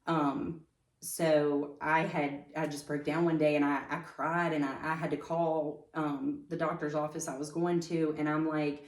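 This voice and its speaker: Brief: deep-voiced woman sharing personal testimony, hesitant and full of fillers, recorded in a roomy space from a distance. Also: flat delivery. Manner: halting, with many fillers and restarts. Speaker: podcast guest.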